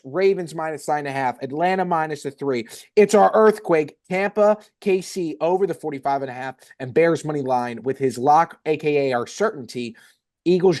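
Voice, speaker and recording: A young man co-hosting a casual sports betting podcast, rattling off picks quickly and energetically. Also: fairly high pitch, a little mellow. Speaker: podcast co-host.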